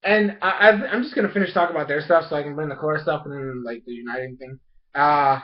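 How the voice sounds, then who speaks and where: Young guy, high voice, rambly excitable recap on a dull lo-fi recording; casual and filler-heavy. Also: quick pace. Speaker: TV episode reviewer.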